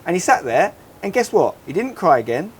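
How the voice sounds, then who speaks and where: Fast-talking man telling a story. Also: high voice, husky. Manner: animated storytelling, fast and rambling. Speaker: podcast co-host. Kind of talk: casual podcast chat. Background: faint outdoor holiday ambience.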